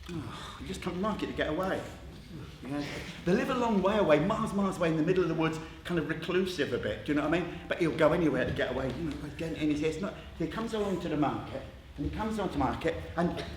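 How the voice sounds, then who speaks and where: A man leading an interactive drama workshop, coaxing participants and narrating a story in a lively way. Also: a little high, rapid-fire, a little hiss or hum. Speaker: workshop leader. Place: theatre stage with a group. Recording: echoey theatre with audience.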